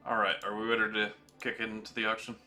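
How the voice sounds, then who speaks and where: A young man runs a tabletop game in a laid-back, easygoing way. His voice is very bright and cutting. Faint music plays under the session. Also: on the low side, monotone, fast talker. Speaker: game master.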